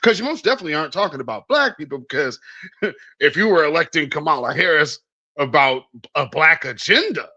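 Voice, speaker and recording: A man's voice: on the high side, animated, fairly quick, bright, forceful tone. A man hosting political commentary in a blunt, sarcastic, emphatic way, with a dull lo-fi recording. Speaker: news commentary host.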